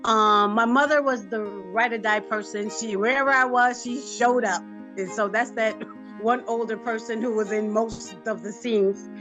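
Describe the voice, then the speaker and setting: A woman filmmaker talking about her documentary on a video call, warm and effusive, laughing often. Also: a little high, steady tone, normal speed, music in the background. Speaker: filmmaker guest. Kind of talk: casual video call interview. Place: home.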